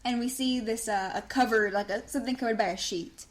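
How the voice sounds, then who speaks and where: A woman's voice: fairly high pitch, brisk. A woman co-hosting a podcast, recapping a cartoon in chatty, giggly casual talk. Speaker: podcast co-host.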